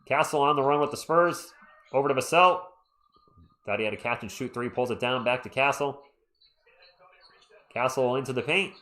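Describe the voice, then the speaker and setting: A man's voice: medium pitch, a bit bright. A man hosting a live stream, giving casual fan play-by-play of a basketball game and chatting with viewers between plays.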